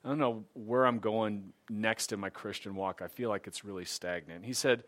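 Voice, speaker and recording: A middle-aged man with a slightly low voice shares his personal testimony in an easygoing, conversational way. He sounds earnest and grows more animated when he quotes others. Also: moderate pace. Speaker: speaker sharing a personal faith testimony. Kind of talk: casual personal testimony talk.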